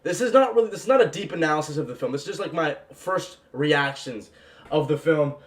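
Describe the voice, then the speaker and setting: A young man in an excited, casual movie reaction vlog, gushing and repeating "bro" and "man". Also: on the high side, a little fast.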